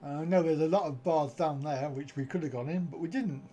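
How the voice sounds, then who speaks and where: A man's voice: a little high, brisk, warm tone, slight background noise. A middle-aged man, hosting a casual live stream with jokey, chuckling banter from home. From United Kingdom.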